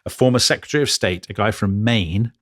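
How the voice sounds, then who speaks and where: A man co-hosting a history podcast, telling the story with emphatic, animated delivery. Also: fairly quick, no room sound, studio quality. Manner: animated, emphatic, jumps in pitch for stress. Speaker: podcast co-host.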